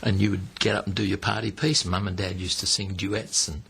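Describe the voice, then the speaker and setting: A man's voice: deep voice, fairly quick, gravelly, slight background noise. A man from Australia with an Australian accent, telling anecdotes in an interview and acting out the people he quotes. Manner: lively storyteller who acts out the people he quotes. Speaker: entertainer interviewee.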